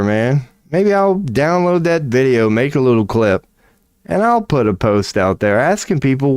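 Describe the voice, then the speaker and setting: Animated, profanity-laden man ranting. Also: medium pitch, moderate pace, clear, resonant tone, no room sound, studio quality. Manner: profane, incredulous, laughs often. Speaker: streamer. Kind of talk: casual ranting commentary.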